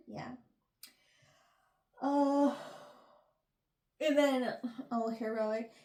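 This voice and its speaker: A woman's voice: high voice, expressive, very slow, dark tone. A young woman hosting a casual book review chat, giggling and acting out the characters' lines. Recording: echoey room.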